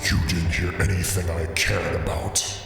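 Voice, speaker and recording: Gravelly booming dragon in a vast echoing cavern. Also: male voice, little pitch movement, normal speed. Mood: taunting. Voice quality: gravelly, growling. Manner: hissing threats, booming. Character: huge vile male dragon, menacing and scornful. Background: background music.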